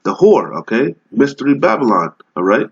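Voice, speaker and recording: A man teaching from scripture, reading verses slowly and explaining them in casual talk, checking in with "all right?" after almost every line. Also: mid-range voice, sing-song, vocal fry, breathy edge. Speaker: bible teacher. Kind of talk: street-style scripture teaching. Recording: dull lo-fi recording.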